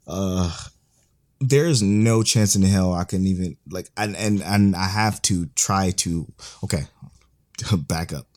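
Deep-voiced man, blunt and profane. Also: slow pace, darkish tone. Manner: blunt, profane, exasperated venting. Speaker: co-host reviewing an anime series. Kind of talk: casual podcast chat.

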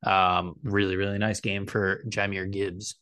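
A man hosting a casual sports podcast, talking in a relaxed, hesitant way with lots of fillers and the odd swear word. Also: low-pitched, unhurried, no echo. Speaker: podcast host.

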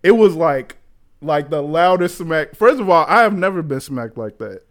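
Young man, twenties, casual storytelling, animated and slangy, slightly high voice. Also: moderate pace. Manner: animated, slangy, laughs often. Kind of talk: casual chat.

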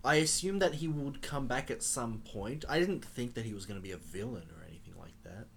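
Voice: mid-range voice, fairly quick, vocal fry, husky. A co-host of a podcast, making dry quips in casual movie chat.

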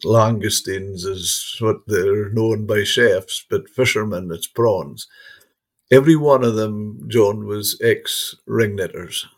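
A man's voice: on the low side, slow. A man interviewing a guest, telling rambling anecdotes with frequent restarts. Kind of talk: casual reminiscing conversation.

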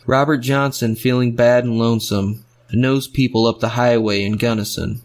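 A man's voice: mid-range voice, steady tone, normal speed. A man narrating a story in rhythmic, fragmentary phrases.

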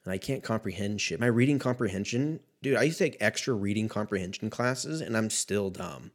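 A man's voice: lowish voice, a little fast. Profane rambling man in his thirties. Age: 30s. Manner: rambling, profane, laid-back, self-mocking. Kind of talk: casual solo sports rant.

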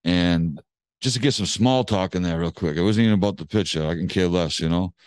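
A man's voice: sits low, a little fast, smooth, dry recording. A man telling a long story in casual slang, swearing freely and acting out what people said. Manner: animated storyteller, slangy and profane, acts out quotes.

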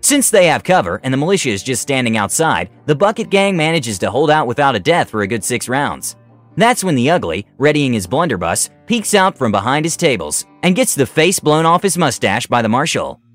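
A man narrating a scripted tabletop game story in an animated way, putting on voices for characters. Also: mid-range voice, fairly quick, faint music behind.

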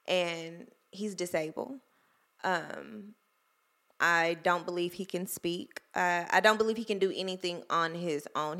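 A woman's voice: lowish voice, a bit bright. A young woman chatting candidly to camera, emotional and full of fillers. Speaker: vlogger. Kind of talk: casual chat to camera.

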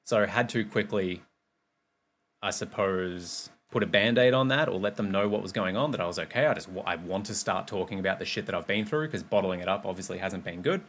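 A man's voice: deep voice, fairly quick, a bit bright. A man hosting a podcast, talking candidly and rambling in a casual monologue, swearing freely. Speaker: podcast host and personal trainer. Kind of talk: casual monologue, also streamed live.

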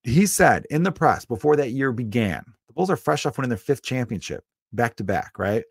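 A man's voice: medium pitch, expressive, a little fast, creaky, slightly rough, no echo, clean studio sound. A man from Chicago, a comedian hosting his own podcast, ranting emphatically and with strong opinions. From Chicago, USA. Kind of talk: solo podcast rant.

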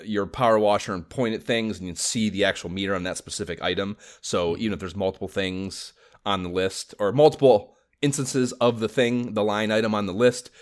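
A man co-hosting a podcast, chatting casually about games, excitable, swearing a lot and laughing often. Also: fairly low pitch, a little fast. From Los Angeles area. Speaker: podcast co-host.

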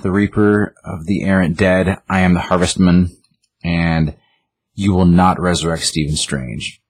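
A man's voice: deep voice, steady tone, measured pace, husky, exaggerated voice. A man voicing a grim masked reaper who declaims in a solemn way. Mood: ominous.

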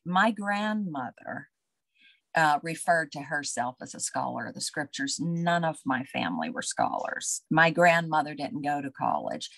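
A woman recalling family memories as an interview guest, unhurried and full of fillers. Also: low voice, creaky, dry recording. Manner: reminiscing, unhurried, with many fillers. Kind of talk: casual storytelling.

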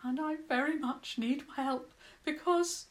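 Woman putting on a high little mole voice, nearly blind, stammering, fretful, storybook creature. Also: measured pace. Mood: flustered. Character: tiny tearful nearly blind male mole.

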